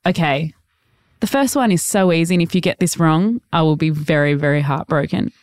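A woman's voice: deep voice, brisk, a little mellow, dry recording, clean studio sound. A woman with an Australian accent, hosting a casual interview and running a playful quiz. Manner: upbeat, teasing quizmaster. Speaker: podcast host.

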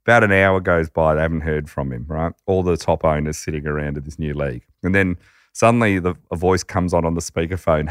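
A podcast host telling a story conversationally, animated and acting out quotes. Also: male voice, low voice, brisk, clean tone, no room sound, clean studio sound. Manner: animated narrator who acts out quotes.

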